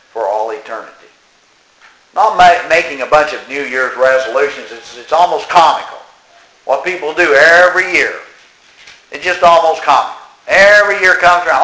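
A man preaching a sermon, slow and emphatic, reciting verse and scripture and mimicking people mockingly. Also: medium pitch, bright, forceful tone. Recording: echoey room.

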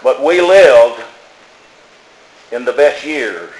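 A man's voice: medium pitch, lively intonation, slow, darkish tone. An older man preaching a folksy, plainspoken sermon, repeating his phrases as he tells stories. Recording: echoey room.

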